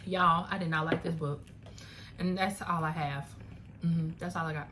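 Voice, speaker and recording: A young woman talking through books in a casual, animated way, full of "like" and "y'all", with laughing asides. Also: deep voice, normal speed, noisy background. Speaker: book reviewer. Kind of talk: casual chat. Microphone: phone camera.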